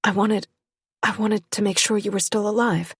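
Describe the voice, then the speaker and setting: A woman's voice: mid-range voice, fairly even intonation, moderate pace, slightly rough, no room sound, pitched above the performer's own voice. A woman reading a desperate young woman who pleads, close to tears, her voice rising. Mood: pleading.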